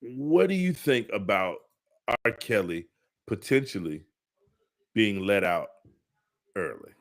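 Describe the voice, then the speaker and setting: A man co-hosting a casual podcast, talking in an animated way, repeating himself and laughing often. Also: lowish voice, slow pace. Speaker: podcast co-host. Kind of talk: casual chat.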